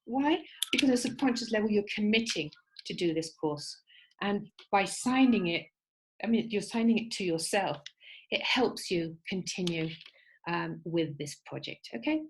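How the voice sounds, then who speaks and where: Animated and speaking at normal speed, a woman with a medium-pitched voice runs an online creativity workshop. She gives instructions encouragingly, keeps asking "okay?" to check in, and performs quoted voices during a fable, captured in a rough recording.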